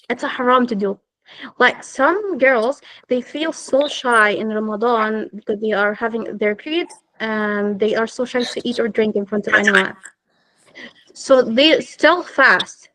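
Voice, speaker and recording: A woman leads a girls' class over a video call. She explains things simply and gently, in a fairly high voice. The sound is close and dry. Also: dry recording, low-quality recording. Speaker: teacher. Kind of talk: online religious class for girls.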